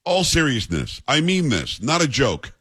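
A man's voice: medium pitch, wildly swooping pitch, measured pace, a bit bright, husky. A male radio talk show host in casual, wry banter, mocking the clips he plays.

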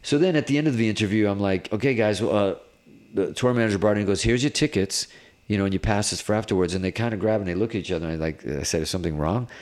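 A middle-aged man with a fairly low voice tells stories from the road in a loose, chatty interview. He rambles, doubles back, and piles on filler words as he goes. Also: quick pace. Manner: animated, rambling, filler-heavy with many "like"s. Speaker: guest guitarist. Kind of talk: casual interview storytelling.

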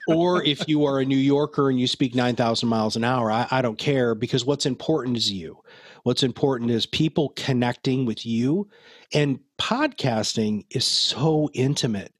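Husky-voiced man, chatty podcast guest. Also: medium pitch, no room sound. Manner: chatty, laughing, many fillers and restarts. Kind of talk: casual podcast interview. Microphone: headphones and studio mic.

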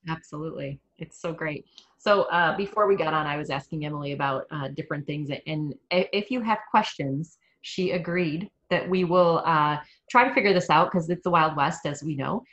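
A woman's voice: deep voice, normal speed, fairly bright tone, dull audio. A woman hosting a casual interview, enthusiastic and prone to restarting her sentences. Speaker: interview host.

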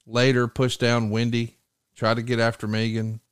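Man, podcast host, casual chat, animated quoting, mid pitch, dry sound. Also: moderate pace, smooth, no echo. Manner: lively retelling, voices quotes with jumps in pitch.

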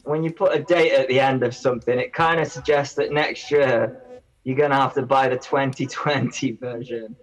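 A man's voice: mid-range voice, fairly even intonation, moderate pace, highs cut off. A man, a guest on a casual podcast, who rambles and often breaks off mid-sentence. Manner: rambling, self-interrupting. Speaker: guest reviewer.

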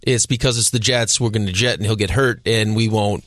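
Quick talking dude cohosting sports radio, dry close sound, argues and throws stats. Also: male voice, lowish voice, fairly bright tone, no echo. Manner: fast, argumentative, rattles off stats. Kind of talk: sports talk radio chat.

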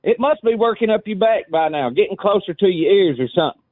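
A man's voice: high voice, lively intonation, fast talker. A man calling in to a sports radio show, trash-talking and mocking in a sing-song way. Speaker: caller. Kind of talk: trash-talking call-in banter. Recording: dry tinny phone line.

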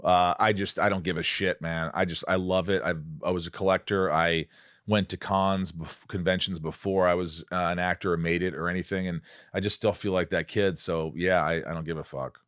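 A middle-aged man hosting a casual chat, excitable and swearing freely. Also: low-pitched, a little fast, clean tone, dry recording, clean studio sound. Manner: excitable and heavily profane. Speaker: podcast host.

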